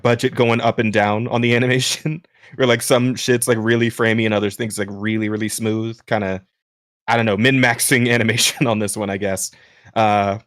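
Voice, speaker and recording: Smooth-voiced male podcast host. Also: medium pitch, fairly bright tone, dry recording, clean studio sound. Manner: rambling, many restarts and fillers, laughs while talking. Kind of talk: casual chat.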